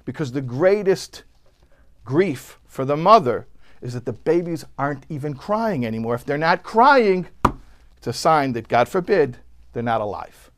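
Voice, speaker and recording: A man teaching a sermon, swinging from hushed storytelling to loud, impassioned outbursts and translating Hebrew phrases line by line. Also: on the high side, big pitch swings, normal speed. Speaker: Torah teacher.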